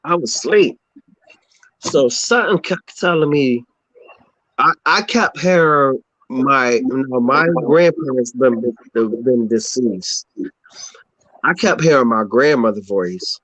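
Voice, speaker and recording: A man telling a personal story in a casual group chat, slow and drawn out. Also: mid-range voice, a bit bright, dry recording, dull audio.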